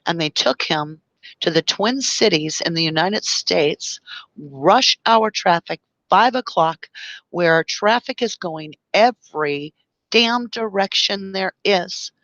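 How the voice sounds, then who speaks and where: A woman's voice: lowish voice, lively intonation, takes it slowly, a bit bright, no room sound, lo-fi sound. A woman hosting a live stream, speaking with passion and emotion, reading viewer comments and explaining through long analogies. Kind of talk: impassioned live-stream talk.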